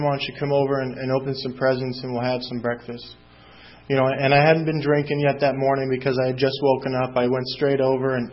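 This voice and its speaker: A young man telling his own recovery story in a halting way, full of fillers and restarts. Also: mid-range voice. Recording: slightly dull lo-fi recording.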